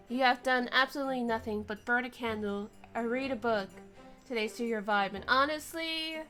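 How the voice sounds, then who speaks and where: Young woman streamer, tired and rambling, high voice over faint lofi music. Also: moderate pace. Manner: tired, rambling, joking, swears. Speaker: streamer playing and voicing a game. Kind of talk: casual game commentary with voiced dialogue. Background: soft lofi music.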